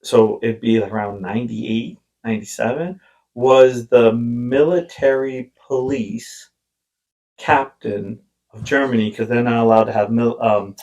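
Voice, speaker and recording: A man's voice: medium pitch, steady tone, unhurried, darkish tone. A man hosting a podcast, chatting casually and rambling through stories, breaking off and restarting his sentences. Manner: rambling storyteller who acts out quoted voices. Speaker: podcast host. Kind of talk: casual chat.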